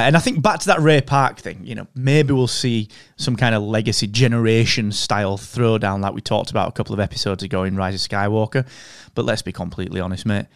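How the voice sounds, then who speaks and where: Smooth-voiced man, dry close mic. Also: medium pitch, no room sound. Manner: enthusiastic, says "mate" and "dude". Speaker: podcast co-host. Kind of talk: casual chat.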